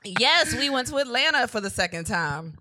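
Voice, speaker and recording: Bright, animated woman in loud banter. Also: fairly high pitch, normal speed. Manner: loud, laughing, profane banter. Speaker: podcast co-host. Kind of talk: casual chat.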